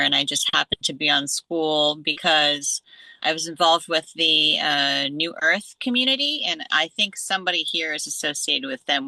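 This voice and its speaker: A woman's voice: deep voice, vocal fry, sharp tone, no room sound, rough recording. A woman from California introducing herself on a video call, hesitant and searching for words. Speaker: call participant.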